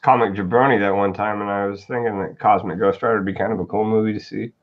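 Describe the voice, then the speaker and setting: A man hosting a casual comics livestream, chatty and quick to laugh, greeting viewers by name. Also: lowish voice, fairly even intonation. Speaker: show host. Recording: dull lo-fi stream audio.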